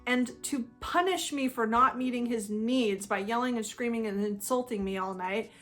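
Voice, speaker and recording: A woman hosting a talk on psychology, explaining earnestly and slowing down for emphasis. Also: on the high side, a bit bright, faint music behind. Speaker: host. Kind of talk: personal talk about psychology.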